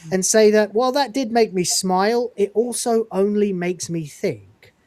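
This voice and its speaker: A woman hosting a podcast, reviewing in an animated, profane, ranting casual chat. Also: mid-range voice, moderate pace, no room sound. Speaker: podcast host.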